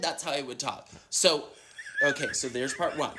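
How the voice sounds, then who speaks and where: A man's voice: fairly high pitch, animated, brisk, pushed and bright. A young man from Dallas telling a long personal story in a casual, dramatic way, acting out what other people said. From Dallas, Texas. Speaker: storyteller in a played clip.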